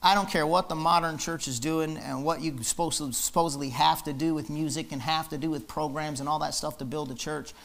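A man's voice: fairly high pitch, steady tone, a little fast, gravelly, few pauses, a bit bright. A man preaching a fiery, emphatic sermon in church, hammering his points with repetition. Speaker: pastor.

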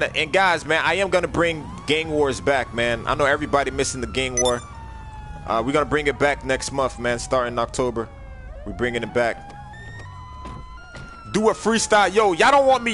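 A young man on a gaming livestream, joking loudly and bossing his crew around, jumping from shouts down to low mumbles. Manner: loud, joking, bossy, swings from shouting to mumbling. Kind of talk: casual gaming livestream chat.

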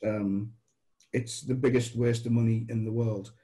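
A man from England chats as a podcast guest, telling long anecdotes and putting on voices for the people in them. His voice is warm and mellow. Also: mid-range voice, unhurried, poor audio. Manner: animated storyteller, acts out dialogue. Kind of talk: anecdotal storytelling.

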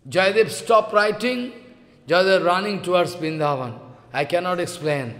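A man telling a devotional story as a sermon, halting and repeating phrases. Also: high-pitched, a bit bright. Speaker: preacher. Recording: echoey hall with long reverb.

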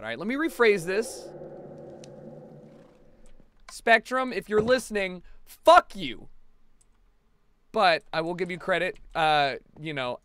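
A man with a somewhat high, smooth and resonant voice talks to his live stream chat while he plays. He rambles and rants, swearing freely as he vents at home. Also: a bit bright, no room sound. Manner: ranting, profane, rambling. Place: home apartment.

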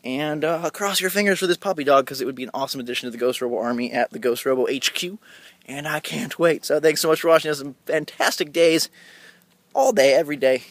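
A man's voice: on the high side, fast talker, dry recording. A man in his twenties from Indiana chatting casually in a rambling, upbeat vlog, filmed outdoors at night with a handheld camera. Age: 20s. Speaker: vlogger.

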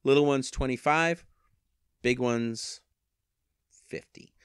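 An eBay reseller, a man, talks through his online resale sales in a casual vlog, rambling into a handheld microphone with wry, self-mocking asides. He speaks slowly in a medium-pitched, clean voice, recorded at studio quality with no room sound.

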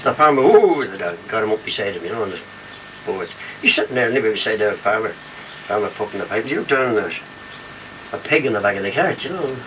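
Reminiscing casually from his home trailer, a retired variety singer strings together memories and jokes, performing the characters' voices. He speaks quickly in a lowish, expressive voice. It's a distant home recording with light noise.

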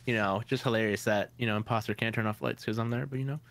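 A man's voice: fairly low pitch, fairly even intonation, fast talker, fairly bright tone, no echo. A man chatting casually in a game, laid-back and wry as he defends himself. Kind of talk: casual gaming chat.

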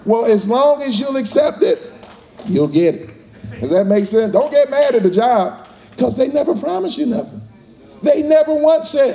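A man's voice: very high-pitched, animated, normal speed, mellow. A man giving a fired-up motivational speech to a live audience, using call-and-response and acting out voices. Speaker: motivational speaker.

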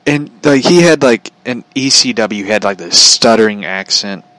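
A man's voice: fairly low pitch, moderate pace, fairly bright tone, dry recording, rough recording. A man giving a casual, sarcastic rant about wrestling, laughing often as he talks. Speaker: commentator.

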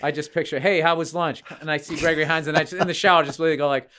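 A man guesting on a podcast, telling a story in a casual, animated way and acting out his own past lines. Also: fairly high pitch, racing.

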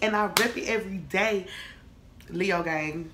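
A woman's voice: mid-range voice, unhurried, roomy sound, a little hiss or hum. A young woman, ranting sassily and swearing freely in a casual comedic vlog. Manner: sassy, animated, swearing freely. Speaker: vlogger.

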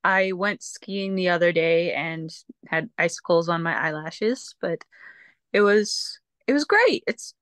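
Upbeat young Canadian woman as guest, lowish voice, dry recording. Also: steady tone, takes it slowly, fairly bright tone, clear, resonant tone, no echo. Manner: upbeat, laughs easily. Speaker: interview guest. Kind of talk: casual chat.

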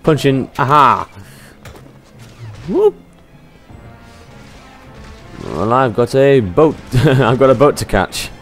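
A man casually commentating his gameplay on a headset mic, chatty and quick to exclaim. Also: medium pitch, lively intonation, fairly bright tone, faint music behind. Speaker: let's play gamer.

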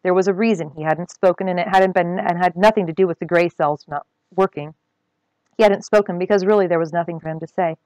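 A woman reading a novel aloud with expressive, dramatic storytelling. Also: on the low side, fast, no room sound, rough recording.

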